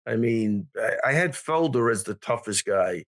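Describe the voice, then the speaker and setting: A man with a New York accent talks fights as a podcast guest. He is blunt and halting, restarts his sentences, and swears freely. His mid-pitched voice sounds dry and close. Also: lively intonation, fairly bright tone, no echo. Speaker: guest, MMA coach. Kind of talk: casual sports chat.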